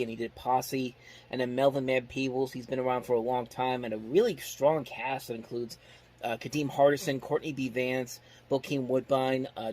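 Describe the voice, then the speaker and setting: A man's voice: mid-range voice, a little mellow. A man hosting a movie review show, talking loosely with lots of restarts and exasperated asides. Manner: rambling, frequent restarts, exasperated critique. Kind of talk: casual spoken movie review.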